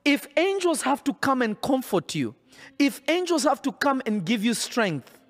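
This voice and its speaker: A man's voice: extremely high pitch, big pitch swings, moderate pace, fairly bright tone. A man preaching a sermon in an emphatic, insistent way, often repeating his phrases.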